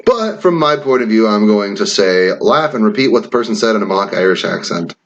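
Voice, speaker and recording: Here a Wisconsin quiz vlogger rambles casually, reading questions out and swearing now and then as he comments. His lowish voice has big pitch swings and a brisk pace, though the audio is dull.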